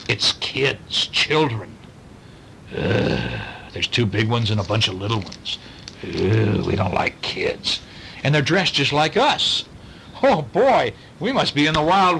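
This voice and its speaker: Gentle man reading a bedtime story. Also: mid-range voice, creaky, a little hiss or hum. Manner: gentle, with chatty asides to the child. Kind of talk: reading a picture book aloud to a child.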